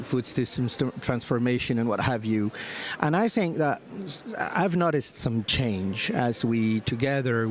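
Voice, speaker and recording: A man speaking as a special envoy on a conference panel, thoughtful and halting, with many fillers and restarts. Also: medium pitch. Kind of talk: panel discussion.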